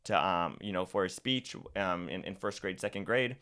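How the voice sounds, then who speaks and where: With a low-pitched, clean, somewhat bright voice at normal speed, a Central Valley Californian guests on a podcast. He's talkative and casual, going on at length with plenty of restarts and repeated words.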